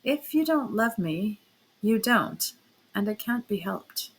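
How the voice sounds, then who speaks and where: A woman reading a gentle, timid young wife. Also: mid-range voice, animated, slow pace, breathy edge, full character voice. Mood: plaintive. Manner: soft, hesitant, plaintive.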